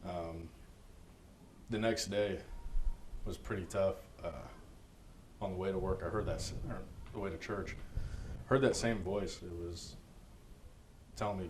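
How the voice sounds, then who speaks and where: A man giving a personal church testimony, earnest and halting, with many fillers and restarts. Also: low-pitched, steady tone, a little hiss or hum, low-quality recording.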